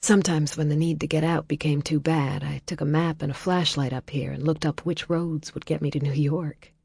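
A woman voicing a young adult pop singer who talks in a low-key, hushed, self-deprecating way, as an audiobook character. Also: level tone, moderate pace, gravelly, husky, no echo, clean studio sound, exaggerated voice. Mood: wistful.

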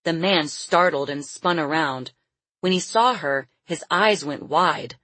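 A woman narrating an audiobook in a steady, measured way. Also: low voice, dry recording.

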